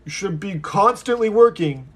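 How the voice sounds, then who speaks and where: A man putting on the voice of a greedy male corporate boss scolding his low-paid workers. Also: lively intonation, moderate pace, breathy edge. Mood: bossy. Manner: bossy, scolding.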